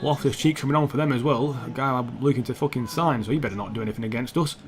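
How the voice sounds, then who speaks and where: A young man commentating his own football video game match, swearing often and shouting at the players on screen. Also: medium pitch, quick pace. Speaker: gaming YouTuber. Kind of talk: gameplay commentary.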